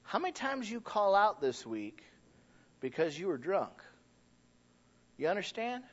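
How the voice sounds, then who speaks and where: A man preaching a sermon as pastor, animated and folksy, swelling loud and then dropping low. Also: a little slow. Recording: dull lo-fi recording.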